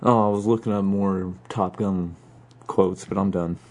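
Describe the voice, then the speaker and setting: Man, lowish voice, mellow tone, laid-back wry podcast storytelling. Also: steady tone, unhurried. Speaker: podcast host. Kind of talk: casual chat.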